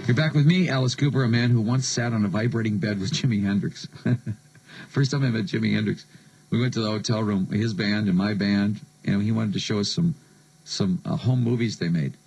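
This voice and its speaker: Gravelly, sardonic American radio DJ. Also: male voice, lowish voice, fairly quick, darkish tone, soft background music, low-quality recording. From United States. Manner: sardonic, joking storyteller. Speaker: radio DJ host. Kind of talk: late-night radio show patter.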